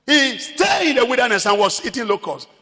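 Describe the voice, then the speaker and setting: A man's voice: extremely high pitch, very animated, a little fast, creaky, pushed and bright, big-room sound. A Nigerian man preaching a sermon as pastor, emphatic, repeating his phrases.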